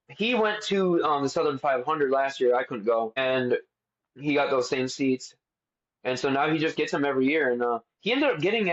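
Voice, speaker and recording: A young man co-hosting a podcast, telling stories in a casual, animated way and swearing freely. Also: medium pitch. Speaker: podcast co-host. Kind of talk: casual chat. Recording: dull lo-fi sound.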